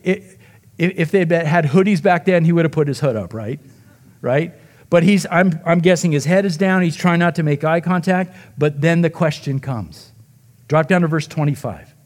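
A man preaching a sermon as pastor, retelling the story dramatically, acting out the quoted voices and dropping to a near hush at emotional moments. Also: a little high.

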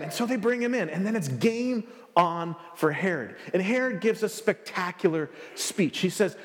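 A male pastor delivers a sermon, retelling history with animated, joking storytelling. His voice sits high, and a long hall reverb trails after each line. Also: moderate pace, few pauses.

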